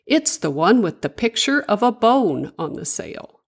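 A woman's voice: mid-range voice, very animated, measured pace, gravelly, husky, voice pushed up, full character voice. A woman voicing a polite, helpful female alligator ship captain in a children's storybook. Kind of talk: storybook voice acting.

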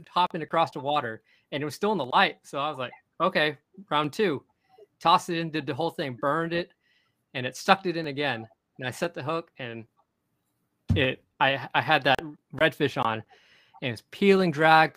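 Young man, podcast host, bright forceful voice, slightly high pitch, dry close sound, excited rambling storyteller. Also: no room sound, rough recording. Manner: excited, rambling, with frequent restarts. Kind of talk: casual storytelling chat.

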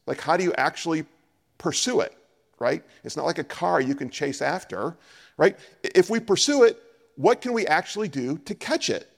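A man preaching a sermon as a pastor, animated and acting out scripture dialogue. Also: on the high side, normal speed, creaky, big-room sound.

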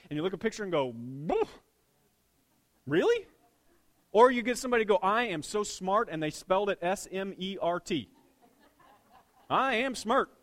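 A middle-aged pastor with a voice that sits high preaches a sermon, swinging between loud bursts and hushed asides. He mixes in a dad's jokes about his daughter.

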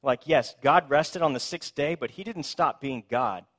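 Animated man preaching a sermon. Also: a little high, moderate pace. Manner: animated storytelling, voices characters in the scripture; conversational, asks "right?".

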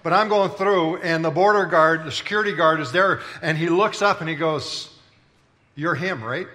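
A man's voice: a little high, steady tone, moderate pace, pushed and bright. A man preaching a sermon as pastor, telling stories in a playful, conversational way and bantering with the congregation. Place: large church auditorium.

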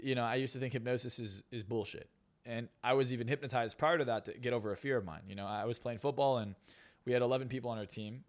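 A man who is a hypnotist and success coach, telling stories in a podcast interview with a boastful, self-assured manner. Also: medium pitch.

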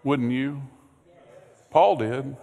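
A man preaching a sermon as pastor, earnest, repeating words, swinging from loud emphasis to hushed low passages. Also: extremely slow. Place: church sanctuary. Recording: long hall reverb.

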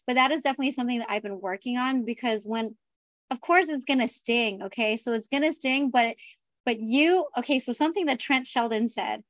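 Woman, podcast co-host, casual chat, chatty, fairly high voice, dry sound. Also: no room sound. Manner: chatty, lots of fillers like "like" and "right".

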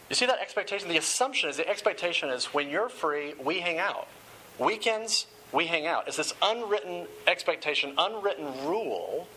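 A man's voice: a little high, animated, moderate pace, pushed and bright, a little hiss or hum, poor audio. A man giving a sermon-style talk, often repeating words as he starts phrases.

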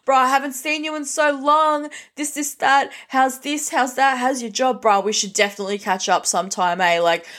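A woman's voice: sits high, fairly even intonation, normal speed, hardly any pauses, fairly bright tone, voice pushed up. A woman doing a gushing, fake-friendly bloke. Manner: gushing, back-slapping friendliness. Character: overly chummy two-faced young man.

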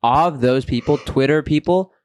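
A man's voice: on the high side, moderate pace, dry recording. A young man co-hosting a podcast in casual chat, rambling and hesitant. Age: young adult. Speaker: podcast co-host.

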